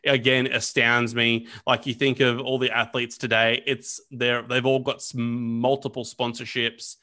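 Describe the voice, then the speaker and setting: A man's voice: mid-range voice, flat delivery, a little slow, bright, forceful tone. A man co-hosting a casual history podcast, chatting loosely with plenty of fillers and restarts. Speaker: podcast co-host.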